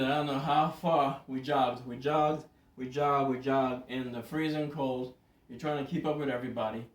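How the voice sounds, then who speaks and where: A man telling a story in a casual, animated way to a camera, repeating words for emphasis. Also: a little high, a little slow, a little hiss or hum. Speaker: vlogger. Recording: roomy, distant from mic.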